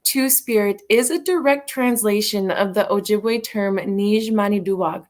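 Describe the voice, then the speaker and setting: A woman from North Dakota reading the news on a radio show, friendly and quick to laugh between steady reading. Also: mid-range voice. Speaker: news reader.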